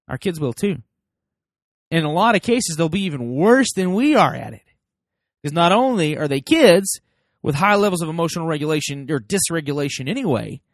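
A man hosting a casual parenting talk, folksy and animated, acting out quoted voices as he speaks. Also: a little high, dry recording, studio quality. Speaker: parenting podcast host.

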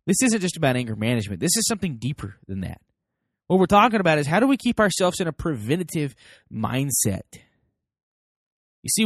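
Male host, casual and animated, slightly high voice, dry close recording. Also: dry recording. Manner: animated, folksy, acts out quoted voices. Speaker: parenting podcast host. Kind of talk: casual talk to listeners.

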